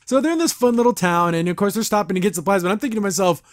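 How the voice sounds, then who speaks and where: A man's voice: sits high, animated, background noise. A man hosting a podcast, casually recapping a cartoon episode in a chatty, gushing way with frequent laughs. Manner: chatty and gushing, often laughing, acts out characters in quick voices.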